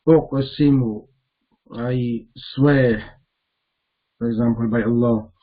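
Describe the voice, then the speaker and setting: A man teaching Arabic grammar in a classroom lesson, explaining slowly and repeating the words he recites. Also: a little high, phone-quality sound.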